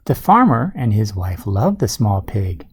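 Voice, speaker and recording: A man's voice: lowish voice, big pitch swings, a little slow, husky. A man reading a storybook aloud at bedtime, with playful asides to a child listener. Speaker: storybook reader.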